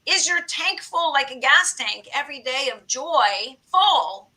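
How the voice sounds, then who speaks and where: A woman in her late fifties hosts a relaxed podcast conversation with lively enthusiasm. Her voice sits a touch high and rings very bright. She talks in a breezy, upbeat way. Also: unhurried, low-quality recording. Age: late 50s. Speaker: podcast host. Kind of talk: casual chat.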